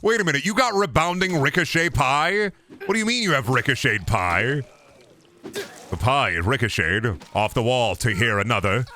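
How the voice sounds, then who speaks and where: A young man giving loose, joking commentary while he plays a video game, rambling and swinging between loud outbursts and low mutters. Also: animated, moderate pace, a little hiss or hum. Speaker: gaming streamer. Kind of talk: casual gameplay commentary.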